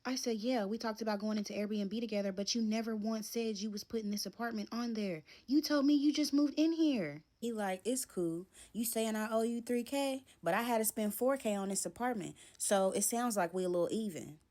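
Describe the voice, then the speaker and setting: A woman's voice: a little high, brisk, hardly any pauses, a little mellow. A young woman telling a personal story to camera, animatedly acting out both sides of an argument. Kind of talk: storytime vlog.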